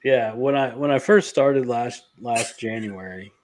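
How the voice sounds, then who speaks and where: A man's voice: mid-range voice, a little slow, crowd noise. A man who owns a beard care company, talking casually as a podcast guest and laughing between his thoughts.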